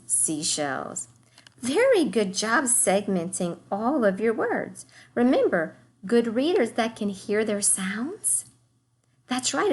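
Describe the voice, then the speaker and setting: Woman teaching little kids phonics, cheery, sounds out every word nice and slow. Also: mid-range voice. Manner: upbeat, sounds out words slowly. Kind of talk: recorded phonics lesson for young children.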